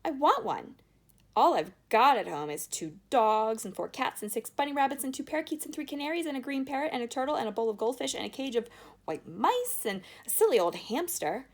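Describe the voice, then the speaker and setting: A woman voicing a spoiled, demanding rich girl who shouts her demands. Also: sits high, big pitch swings, a little fast, pitched above the performer's own voice, heavily acted.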